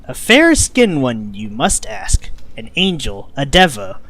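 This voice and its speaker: A man's voice: medium pitch, wildly swooping pitch, slow, gravelly, a bit bright, heavily acted. A man voicing an ancient female hag who speaks in riddles with twisted word order, reading game dialogue aloud. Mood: cryptic. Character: ancient female night hag, cryptic and possessive.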